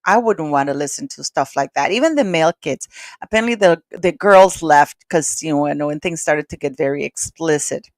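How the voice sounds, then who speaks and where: A woman on a live call-in panel, talking in a chatty, excitable way with many restarts. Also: low-pitched, normal speed, dry recording, studio quality. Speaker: regular panelist. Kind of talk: casual live call-in chat.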